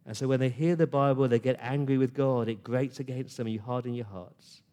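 A man preaching a sermon in an earnest, conversational way, pausing and restarting as he talks to his congregation. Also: medium pitch, steady tone, mellow.

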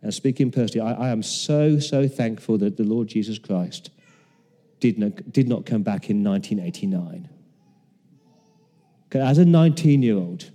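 A man's voice: mid-range voice, dark tone, big-room sound. A man in his fifties preaching a sermon as pastor, earnest, repeating words and acting out quoted voices. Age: 50s.

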